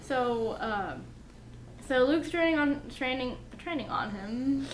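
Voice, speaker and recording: Young woman chatting about a book w/ her mom, kinda high voice, lots of restarts. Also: lively intonation, slow pace. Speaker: host. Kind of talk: casual book chat. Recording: echoey room with faint hiss.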